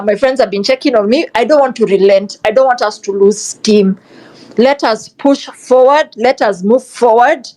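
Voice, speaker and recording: Heard through poor audio, her voice sits on the high side. She is a young Kenyan woman making her case fervently in an online discussion, restating her arguments and mixing Swahili into her speech in an impassioned live exchange.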